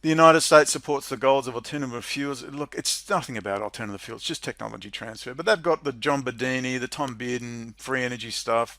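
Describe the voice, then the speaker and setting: A man reading out a policy document and ranting about it in sarcastic commentary, often breaking into mocking, high-pitched laughter. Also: fairly quick, few pauses, fairly bright tone, no echo. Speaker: political commentary vlogger.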